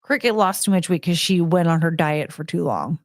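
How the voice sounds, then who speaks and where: A woman hosting her own show, chatting casually with viewers and cooing to her dogs in soft baby talk, laughing often and trailing off mid-sentence. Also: lowish voice, normal speed, no echo, clean studio sound.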